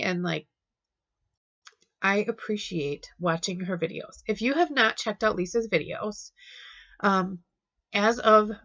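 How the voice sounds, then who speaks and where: A woman narrates her card-making over the footage in a friendly, chatty voice of middle pitch. She gushes with enthusiasm and restarts sentences as she goes. The recording sounds a little dull and muffled. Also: fairly bright tone. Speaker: card-making channel host. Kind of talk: crafting voice-over. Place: home craft room.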